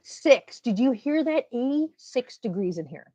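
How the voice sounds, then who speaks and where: A woman's voice: fairly high pitch, very animated, unhurried, dark tone, no room sound. Woman, Minnesotan accent, livestream host, chatty, greets viewers, dull lo-fi sound. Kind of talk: casual livestream chat.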